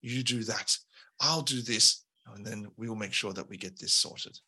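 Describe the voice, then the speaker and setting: A man voicing a calm male community leader who takes charge. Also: lowish voice, a little slow, slightly rough, exaggerated voice. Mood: firm.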